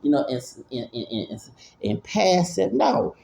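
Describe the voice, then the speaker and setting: A man in his forties gives a loose, rambling commentary, doubling back and stumbling over his words. His voice is mellow and dark, with a gravelly fry running through it. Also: fairly high pitch, very animated, a little slow. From Houston, Texas. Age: 40s. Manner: rambling, repeats himself, stammers. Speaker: vlogger. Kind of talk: casual commentary.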